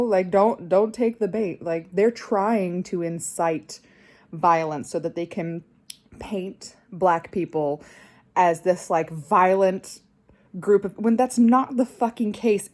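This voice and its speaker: A woman's voice: lowish voice, a little mellow. A young woman vlogger delivering an angry personal rant, swearing constantly and getting more heated.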